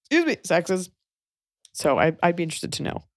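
Low-voiced chatty woman podcaster. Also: very animated, fairly quick, dry recording, studio quality. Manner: chatty, frank, joking asides. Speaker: podcast host. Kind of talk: casual podcast chat, advice.

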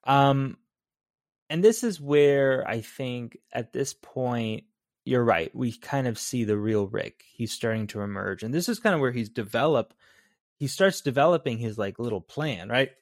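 A man's voice: medium pitch, unhurried, no room sound, clean studio sound. A man co-hosting a podcast who talks casually and teasingly about a film, with fillers. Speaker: podcast co-host. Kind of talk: casual movie discussion.

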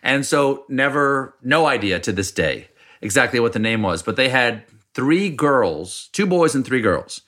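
A middle-aged man from South Carolina telling lively stories in casual chat, acting out other people in a raised voice. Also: a little slow. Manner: animated storyteller, mimics people in higher voice.

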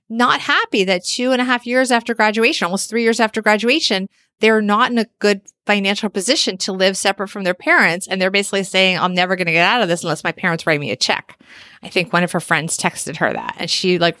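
A middle-aged woman in casual conversation, telling animated stories and acting out what others said. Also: medium pitch, dry recording, clean studio sound. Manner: animated storytelling, acts out quoted voices. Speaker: podcast host and author. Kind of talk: casual chat.

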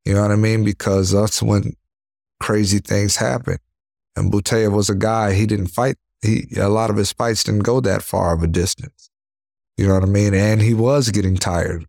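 A young adult man, a professional boxer, telling stories from the ring in a relaxed interview, acting out punches with sound words. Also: fairly low pitch, normal speed, vocal fry, no echo, studio quality. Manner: animated storyteller, acts out punches with sound words; leans on "you know what I mean". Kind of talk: casual interview storytelling.

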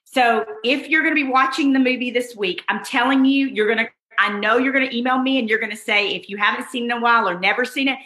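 A woman with a high, bright, forceful voice gives a motivational lesson straight to her listeners. She leans on repetition for emphasis and speaks fondly to them. The sound has a roomy echo. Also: fast talker, few pauses. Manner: emphatic, repeats phrases for effect; addresses listeners fondly and directly. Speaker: online course instructor. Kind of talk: motivational teaching talk.

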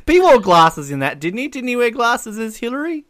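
A podcast co-host in casual movie-review chat, giggly and animated with mock-outraged asides. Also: medium pitch, normal speed, no room sound, clean studio sound.

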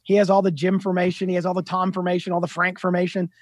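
A man in his fifties, a guest author, telling animated, self-deprecating stories in a casual interview. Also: high voice, fast talker, dry recording, clean studio sound.

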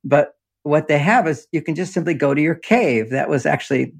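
Older man, gravelly and husky. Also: fairly high pitch, brisk. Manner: rambling, explanatory, laughs often. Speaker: relationship author and guest. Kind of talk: casual conversational interview. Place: underground home office.

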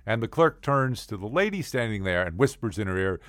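A man's voice: fairly low pitch, very animated, brisk, few pauses, fairly bright tone, no room sound, studio quality. A man telling rambling comic stories in a casual monologue, full of digressions. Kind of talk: comedic storytelling monologue.

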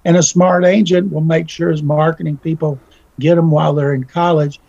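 A man's voice: fairly high pitch, level tone, fairly quick, creaky, a little mellow, no room sound, muffled recording. A man talking casually as a guest commentator, folksy and telling stories with little acted-out voices. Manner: folksy, acts out quoted voices in his story. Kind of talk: casual radio talk.

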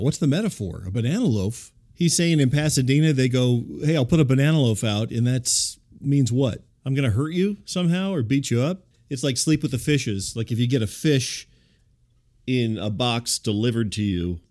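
A man hosting a comedy radio show, talking in a calm, deadpan, placating way. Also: medium pitch. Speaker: radio host.

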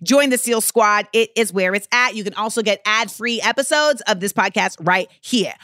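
A woman, hosting a podcast in an animated, emphatic way and swearing freely. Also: medium pitch, moderate pace, dry recording, clean studio sound. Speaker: podcast host. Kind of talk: casual chat.

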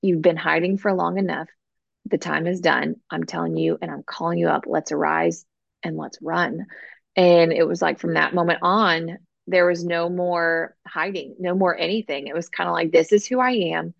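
A woman guest, an author and coach, telling her faith story in an earnest, animated way on a podcast interview. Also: lowish voice, normal speed, creaky, no echo, highs cut off.

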